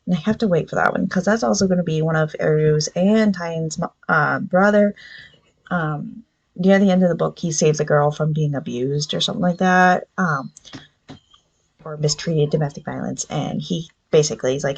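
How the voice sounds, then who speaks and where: A woman's voice: sits low, normal speed, gravelly, husky, lo-fi sound. A woman hosting a book review podcast, chatting loosely with many ums and briefly acting out characters' lines. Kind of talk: casual solo book review.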